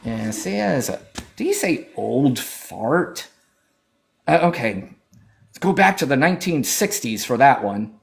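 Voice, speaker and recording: A man's voice: mid-range voice, big pitch swings, unhurried, vocal fry. A man hosting a political livestream, talking in a brash, profane, mocking way, thanking viewers and scolding callers. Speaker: livestream host.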